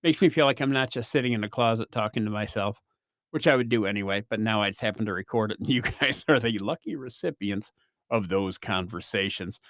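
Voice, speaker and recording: A man's voice: on the low side, a little fast, fairly bright tone, dry recording, clean studio sound. A man hosting his own podcast, telling rambling, self-deprecating stories in a casual solo chat with lots of fillers. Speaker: podcast host.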